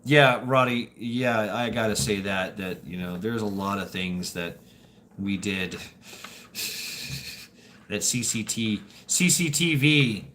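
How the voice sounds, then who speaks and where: A man's voice: fairly low pitch, slow, bright, forceful tone, a little hiss or hum. A man hosting a livestream, telling stories to his chat in a loose, rambling way, laughing and swearing as he goes. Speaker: livestream host. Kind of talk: casual storytelling to live chat.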